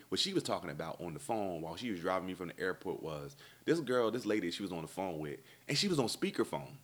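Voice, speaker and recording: A man, a comedian, telling a long comic travel story and acting out the people in it. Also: low-pitched. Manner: animated, acts out dialogue in voices. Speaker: stand-up comedian.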